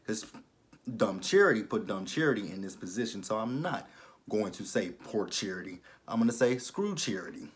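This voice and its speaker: A man recapping a TV episode in a blunt, exasperated, rambling way, full of fillers. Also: lowish voice. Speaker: TV episode reviewer. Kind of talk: casual recap vlog.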